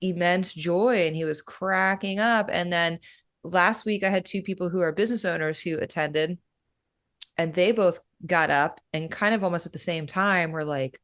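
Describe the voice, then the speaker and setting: A woman who leads breathwork sessions describes her work in a relaxed, conversational manner, with lots of "you know" and "right?". Her pitch is fairly low and she speaks at normal speed.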